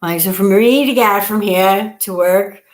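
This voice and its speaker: A woman's voice: mid-range voice, a little slow. A middle-aged woman hosting a casual live stream from home, chatty and rambling, trailing off as she counts. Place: at home, camera on a table. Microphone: device camera on a table.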